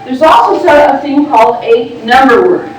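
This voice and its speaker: A woman teacher leading a group reading, brisk and directive, prompting the room. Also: sits high, soft background music. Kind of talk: classroom teaching. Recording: echoey room from far off, faint noise.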